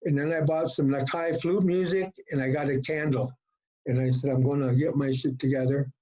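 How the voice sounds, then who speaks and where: A middle-aged man from Colorado telling his personal recovery story at a meeting, folksy and halting, with many fillers. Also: mid-range voice, fairly even intonation, warm tone. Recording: dull lo-fi talk recording.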